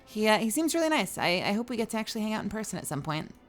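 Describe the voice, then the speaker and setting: A woman's voice: medium pitch, big pitch swings, racing. A young woman livestreaming, chatting casually with her viewers and reading their messages aloud, sleepy and yawning, swearing now and then. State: tired, yawning. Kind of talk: casual live-stream chat with viewers. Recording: faint music behind.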